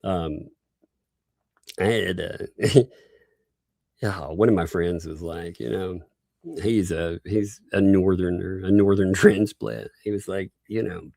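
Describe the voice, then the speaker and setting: Southern man hosting a livestream, low voice, slow self-assured drawl, breaks into laughter a lot, dry close sound. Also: steady tone, gravelly, dark tone, dry recording. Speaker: livestream host. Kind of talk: casual livestream commentary.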